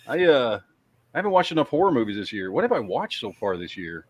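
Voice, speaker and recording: A man's voice: medium pitch, very animated, fast. A man with a Texas accent hosting a casual podcast chat, rambling and swearing freely. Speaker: podcast host.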